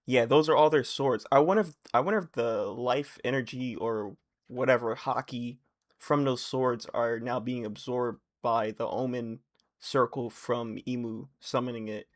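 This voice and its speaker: Reading on a live stream, a young man reacts out loud at a moderate pace, repeating phrases often. His delivery jumps between quiet mutters and sudden, loud bursts of surprise.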